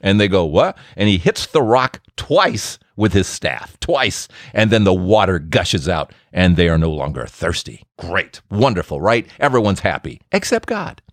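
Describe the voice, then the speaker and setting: A man hosting a Catholic faith talk who tells stories in an animated, joking way. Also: deep voice, normal speed, few pauses, dry recording, clean studio sound. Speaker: Catholic speaker and podcast host.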